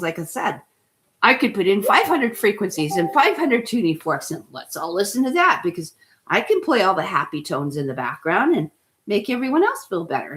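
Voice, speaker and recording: A woman's voice: on the low side, fairly bright tone. Chatty enthusiastic woman host. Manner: chatty, enthusiastic, rambling with frequent "you know" and "right?". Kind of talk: casual wellness talk.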